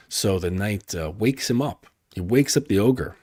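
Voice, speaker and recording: Low, husky-voiced man telling a story. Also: lively intonation, normal speed, hardly any pauses, darkish tone, no room sound, studio quality. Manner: rambling, with frequent fillers and profanity. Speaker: dating coach. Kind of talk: casual storytelling talk.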